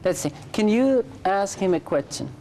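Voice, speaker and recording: A woman's voice: medium pitch, expressive, moderate pace, warm tone, a little hiss or hum. A woman teaching English conversation in class, patiently correcting and repeating her students' sentences.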